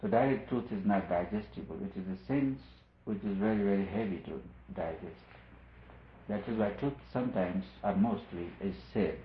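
A man's voice: low-pitched, a little hiss or hum. A man speaks as a spiritual teacher, earnest and insistent, repeating phrases to drive them home. The recording is tinny and narrow, as if over a phone line, and the room rings with echo. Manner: earnest, repeats phrases for emphasis, rising on key points. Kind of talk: spiritual discourse.

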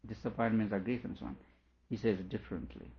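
A male teacher giving an explanatory lecture on a scripture, repeating each question aloud before patiently explaining it, with quiet chuckles along the way. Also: on the low side, steady tone, quick pace, vocal fry. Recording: dull lo-fi recording.

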